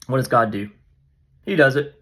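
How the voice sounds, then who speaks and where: A man's voice: mid-range voice, moderate pace, fairly bright tone, slightly rough. A man hosting a casual Bible study vlog, retelling the passage in a playful, jokey, slangy way. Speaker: vlog host.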